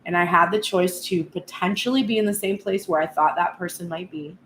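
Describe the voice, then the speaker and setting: A woman's voice: on the low side, a little fast, fairly bright tone. A woman tarot reader speaking reflectively and earnestly at length in a spoken tarot reading vlog. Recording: echoey room with faint background noise.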